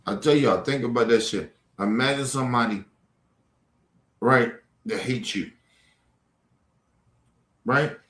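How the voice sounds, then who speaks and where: A man's voice: medium pitch, slow, pauses often, a bit bright. A man hosting a livestream, confronting trolls in the chat in a heated, profane rant. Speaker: livestream host. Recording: echoey room.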